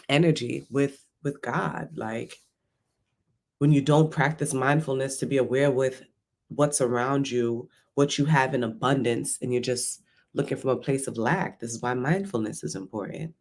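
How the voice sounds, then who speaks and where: A man's voice: a little high, a little mellow. A man giving a casual, rambling motivational talk, often checking in with "right?". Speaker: vlogger.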